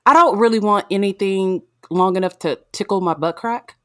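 A woman's voice: mid-range voice, moderate pace. Blunt joking woman guest. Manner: blunt, joking, swears freely. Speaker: podcast guest. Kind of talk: casual chat.

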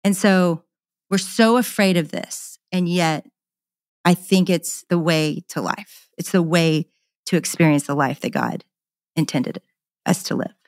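A woman's voice: fairly low pitch, measured pace, no room sound, studio quality. A middle-aged woman, a podcast guest, candidly telling a personal story in an earnest, passionate way and often repeating words.

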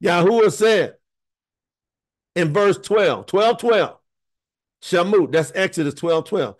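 Animated high-pitched male preacher. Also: unhurried. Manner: animated, emphatic preaching with direct address to viewers. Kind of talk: online scripture teaching.

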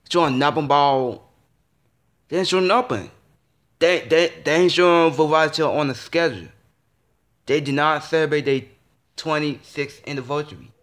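A man's voice: fairly high pitch, fairly bright tone. A young man ranting in a casual vlog, frustrated and swearing, with many stumbling restarts and repeated phrases. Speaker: vlogger.

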